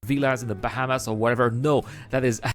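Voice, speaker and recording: Measured male countdown-video narrator. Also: medium pitch, fairly even intonation. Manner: measured and explanatory, steadily makes his case.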